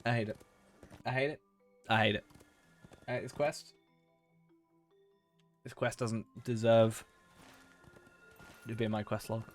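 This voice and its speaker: A man's voice: medium pitch, steady tone, unhurried, long pauses, soft background music. A young man live-streaming a video game, chatting casually with viewers in a chatty, self-mocking way and breaking into frustrated rants. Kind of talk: casual live-stream chat while gaming.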